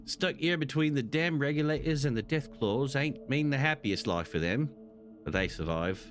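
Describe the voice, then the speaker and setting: A man's voice: medium pitch, lively intonation, moderate pace, soft background music, voice pushed up, lightly acted. A man voicing a strong, stout, bearded male brawling trainer from a game, trying for an Irish or Cockney lilt. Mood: gruff friendly.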